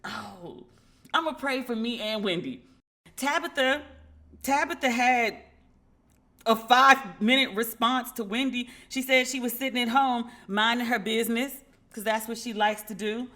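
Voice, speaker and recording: A woman hosting a podcast in a casual, animated way, acting out dialogue and talking frankly with profanity. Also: a little high. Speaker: podcast host. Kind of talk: casual commentary.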